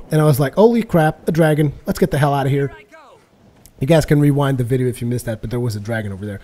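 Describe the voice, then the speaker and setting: A man giving casual, rambling voice-over commentary on his own gameplay, excitable and quick to swear. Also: medium pitch. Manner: rambling and excitable, swears freely, repeats words. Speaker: let's play commentator.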